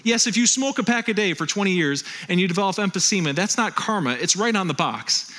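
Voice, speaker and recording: Male pastor, animated sermon delivery, bright tone, slightly high voice. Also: a little fast. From Western New York. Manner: animated, quotes voices, conversational preaching.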